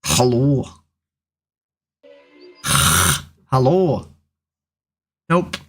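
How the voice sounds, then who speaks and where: Husky trans woman host, bouncy pitch, teasing strangers on a video chat. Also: extremely slow. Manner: teasing, joking, animated. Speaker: livestream host chatting with strangers. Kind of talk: casual chat. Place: home room, seated at camera.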